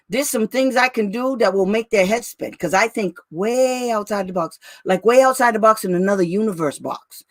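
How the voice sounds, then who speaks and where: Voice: mid-range voice, normal speed, few pauses, no room sound, clean studio sound. Blunt, brash special education advocate. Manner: blunt and brash, laughs often; calls listeners "girl" and "honey". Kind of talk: casual livestream talk to parents.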